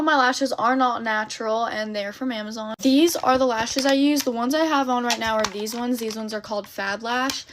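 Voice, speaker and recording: Casting: young woman, bright chatty storytime vlogger, slightly high voice, faint background noise. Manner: chatty, upbeat, lots of fillers. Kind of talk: get-ready-with-me storytime chat.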